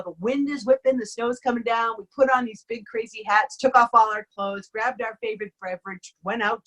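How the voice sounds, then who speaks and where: A woman from Vermont telling a personal story in a chatty, animated way, laughing often. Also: medium pitch.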